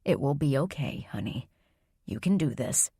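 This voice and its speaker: A woman voicing a calm, secretive grandmother who speaks in a soft, low, soothing way. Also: normal speed, slightly rough, no echo, clean studio sound, heavily acted.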